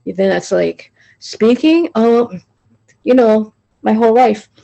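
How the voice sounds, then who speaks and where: A woman with a slightly high voice speaks over a video call, rambling through her thoughts with frequent restarts and filler phrases. Her sharing is emotional and confessional, halting as she searches for words. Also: gravelly, dark tone, muffled recording. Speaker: study group member sharing.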